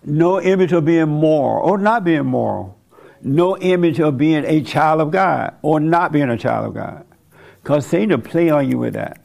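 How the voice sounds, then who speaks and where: A man's voice: a little high, animated, normal speed, vocal fry, a little mellow. A man preaching an informal sermon to a small group, conversational, asking rhetorical questions and chuckling at his own points.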